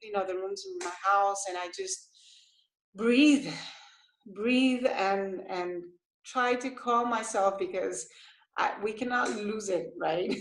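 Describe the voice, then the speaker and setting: A woman from Costa Rica, a mother of young children, talking as an interview guest in an animated way, laughing often and restarting her sentences. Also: a little high, takes it slowly, roomy sound, poor audio. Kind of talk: casual interview chat.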